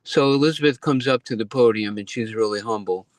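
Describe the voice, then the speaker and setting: A man shares a story with a class over his phone, relaxed and chatty. The sound is dry and close, with no room around it. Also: medium pitch, a little fast, no echo. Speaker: class participant.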